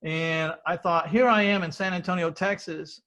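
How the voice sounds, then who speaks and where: A man's voice: a little high, steady tone, normal speed, bright, forceful tone. A middle-aged man hosting an interview, telling his story in a rambling, earnest way and often repeating words. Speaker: podcast host.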